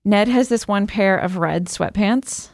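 A woman's voice: medium pitch, a little slow, darkish tone, no room sound, clean studio sound. A woman co-hosting a casual chat, rambling and giggly, with many restarts.

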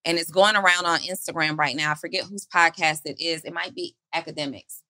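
A woman hosts a motivational podcast in a low, bright, forceful voice. She preaches by stacking rhetorical question on rhetorical question. The sound is dry and close. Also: fairly even intonation, brisk, no echo, rough recording. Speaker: podcast host.

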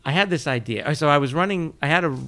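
A man from Connecticut, a restaurant owner and podcast co-host, telling his story in relaxed chat. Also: on the high side, quick pace. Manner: relaxed storyteller, laughs easily.

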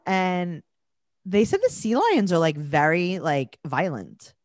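A woman's voice: on the low side, sing-song, slow pace, dry recording, studio quality. A woman comedian hosting a podcast, chatting casually in a wry, joking way.

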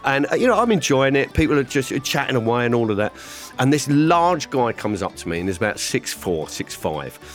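A man telling a long comic anecdote to a panel, rambling and animated, acting out other people's voices. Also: mid-range voice, a little fast, soft background music. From England. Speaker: comedian storyteller.

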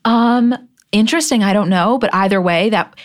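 A woman's voice: medium pitch, moderate pace. A young woman co-hosting a podcast, chatting casually and gossiping about a TV show, swearing freely. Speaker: podcast co-host. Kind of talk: casual chat recapping a TV show.

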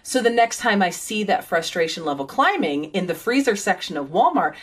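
A woman's voice: mid-range voice, big pitch swings, brisk, husky. A woman and parent, a guest on a podcast, talking bluntly and swearing freely in casual chat. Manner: blunt and profane.

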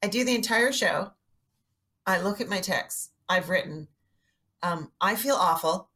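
A woman's voice: medium pitch, lively intonation, measured pace, pauses often, bright, forceful tone. A middle-aged woman comedian telling self-mocking stories in a casual podcast chat.

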